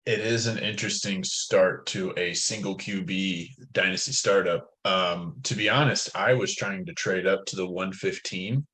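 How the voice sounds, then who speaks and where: A man's voice: low-pitched, normal speed, hardly any pauses, bright, forceful tone, rough recording. A man talking through a fantasy football roster in a casual podcast chat, thinking aloud with frequent fillers. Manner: thoughtful, hedging with fillers.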